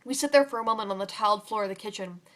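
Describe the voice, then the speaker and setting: A young woman reading her own story aloud in a quiet, halting way, with fillers and restarts. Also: medium pitch. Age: young adult.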